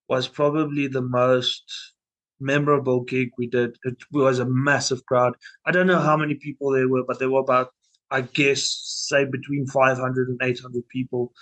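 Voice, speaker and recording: A man's voice: mid-range voice, steady tone, unhurried, fairly bright tone, low-quality recording. A young man, a band's vocalist, telling stories in a casual interview, full of restarts and fillers. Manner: rambling, many restarts and fillers. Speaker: band vocalist.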